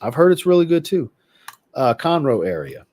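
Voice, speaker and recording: A man hosting a livestream and chatting casually, reading viewer comments aloud and answering them in a relaxed, rambling way. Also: a little high, normal speed, slight background noise. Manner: relaxed, rambling, with filler words. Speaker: host.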